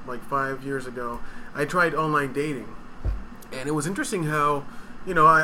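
A man's voice: a little high, pushed and bright, a little hiss or hum, rough recording. A man co-hosting a podcast, chatting casually and reflectively and asking questions. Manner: conversational, reflective, asks questions. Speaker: podcast co-host. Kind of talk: casual chat.

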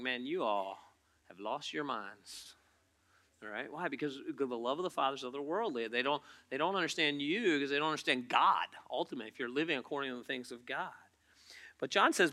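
In a church auditorium, a pastor delivers a sermon to his congregation in a high-pitched, crisp, very bright voice that's almost piercing. He keeps things conversational, turning to the people with quick questions.

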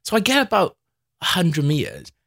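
Man, young, lively pitch, bright tone, dry close mic, storytelling, quick laughs. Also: vocal fry, breathy edge, no room sound. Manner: animated anecdote-telling, laughs often, acts out quotes. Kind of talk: casual chat, storytelling.

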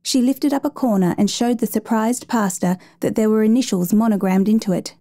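A woman reading a story aloud in a measured, gentle storytelling manner. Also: fairly high pitch, no echo. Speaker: narrator. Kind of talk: scripted story narration.

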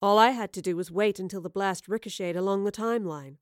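A woman's voice: mid-range voice, fast talker, dry recording, clean studio sound, natural voice. A woman reading a storybook voices a smug, scheming villainess with a goading, mocking manner.

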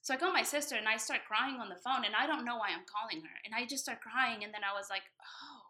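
A woman who moved to the United States as a teen, candidly telling a personal story in casual conversation, growing animated and rising high when excited. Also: fast. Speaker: guest sharing her story.

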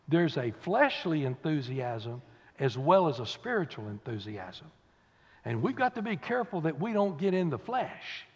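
Fiery high-pitched preacher. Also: male voice, slightly rough. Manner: folksy Southern preacher, swinging from low murmurs to loud cries. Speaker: pastor. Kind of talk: fiery revival sermon. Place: church sanctuary. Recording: dull recording in a big reverberant church.

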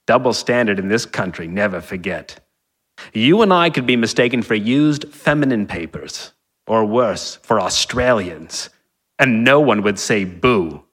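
A man reading a story aloud, voicing a smug, menacing aging athlete who taunts his opponent with slow, mock-polite jabs. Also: on the low side, animated, fairly bright tone. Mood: taunting.

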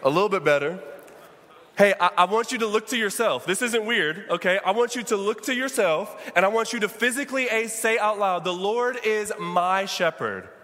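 Male pastor, high voice, preaching in a church hall with long reverb. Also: fairly quick, sharp tone. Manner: preaching with call-and-response to the congregation. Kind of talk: sermon.

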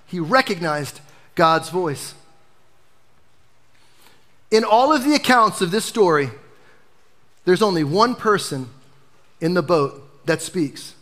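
Animated male pastor preaching a sermon. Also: sits high, takes it slowly, pauses often. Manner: animated preaching, dropping to a hush for emphasis.

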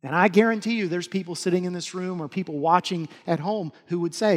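A male pastor giving an earnest sermon, swinging between loud urging and soft, hushed lines. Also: sits high, fairly quick, few pauses. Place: church hall. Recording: long hall reverb.

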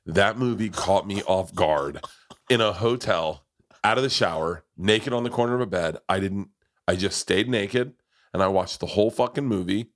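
A man's voice: low voice, normal speed. A middle-aged man hosting a podcast, telling stories in a boisterous, profane, casual way. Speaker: podcast host.

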